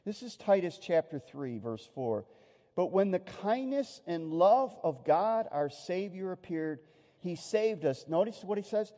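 Animated preacher man in a reverberant hall. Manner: animated, acts out quoted voices, drops soft and low at solemn moments. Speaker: pastor. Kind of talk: sermon.

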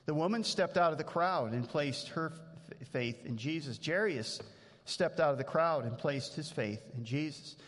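Earnest pastor preaching in a reverberant hall. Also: male voice, fairly high pitch, moderate pace, a bit bright. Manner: earnest, conversational preaching with many restarts. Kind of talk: sermon.

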